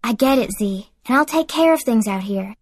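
A friendly teenage girl with a twang, voiced by a woman reading aloud, reassures her best friend in a high, cheerful voice. The recording is dry and close, like a storybook audiobook. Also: expressive, normal speed, no echo. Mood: reassuring. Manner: warm, reassuring.

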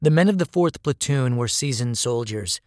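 A man narrating a dramatic story in a measured, grave way. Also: medium pitch, animated, a little mellow, no echo, studio quality.

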